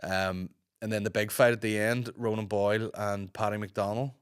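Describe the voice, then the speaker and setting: A Northern Irish man chats alone into a close, dry mic, his voice a little low and roughened by a sore throat. He talks casually and rambles, throwing in plenty of swearing. He sounds like a man in his thirties hosting his own podcast. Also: flat delivery, normal speed, no echo. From Northern Ireland. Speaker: podcast host. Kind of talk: casual solo podcast chat.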